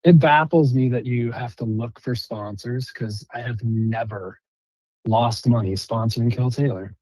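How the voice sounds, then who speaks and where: A man calls in to a morning talk show and chats in a friendly, teasing way. His voice sits at a middling pitch. The sound is dry, with no room around it. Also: unhurried, a little mellow, dry recording, low-quality recording. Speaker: caller. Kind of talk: casual phone-in chat.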